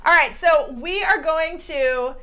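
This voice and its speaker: A woman hosting a live comedy talk show from her living room in front of a small audience, bubbly, loud and self-mocking. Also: high voice, slow pace. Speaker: host.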